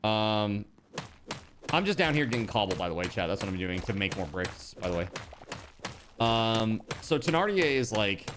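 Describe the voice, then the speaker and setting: A man casually chatting to his viewers while he plays a game, animated and rambling, with many fillers and restarts. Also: lowish voice, normal speed, noisy background. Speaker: streamer.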